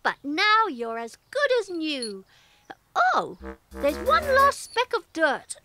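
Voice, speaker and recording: Polite, fussy wooden toy boy for a kids' cartoon, voiced by an actor, high and lively. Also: slow pace, full character voice. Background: music.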